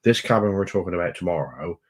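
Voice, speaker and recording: A man co-hosts a casual travel live stream, spinning stories with dry, teasing jokes. His voice sits low and has a husky edge. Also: expressive, fast talker. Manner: joking, teasing storyteller. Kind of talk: casual chat.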